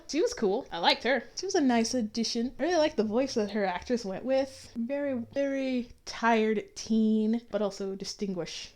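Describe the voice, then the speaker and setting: A woman talks through her thoughts in a relaxed, chatty review. Her opinions are blunt, and she drops dry sarcastic asides. Her voice sits a little on the high side. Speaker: YouTube reviewer. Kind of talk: casual review commentary.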